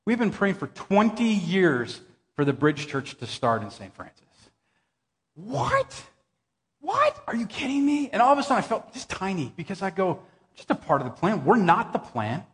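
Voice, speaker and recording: A middle-aged male pastor delivering a sermon with a high-pitched voice. He talks conversationally, tells jokey stories and breaks into loud bursts of shouting. His voice rings with the long reverb of a church hall. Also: very animated, fairly quick.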